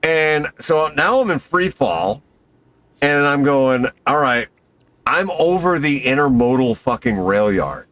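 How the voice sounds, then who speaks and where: A man telling a skydiving story in an excitable, profane, casual way, acting out quotes. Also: mid-range voice, takes it slowly.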